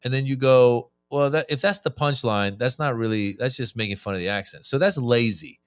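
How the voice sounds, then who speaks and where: Clear and resonant, this comedian's mid-range voice runs a little fast, with no room sound. As a podcast guest, he chats casually and tells stories, animatedly playing out the back-and-forth he's had with audiences during crowd work.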